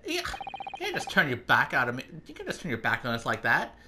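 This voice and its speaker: A man's voice: mid-range voice, wildly swooping pitch, fast, background noise. A man reading a nervous young lawyer. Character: young male Japanese defense lawyer, nervous and polite. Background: game music.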